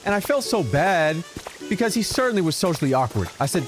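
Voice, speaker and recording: A man streaming a game and telling a story in casual chat, animated and given to exaggerated repetition. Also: sits high, fairly quick, music in the background. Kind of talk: casual storytelling while gaming.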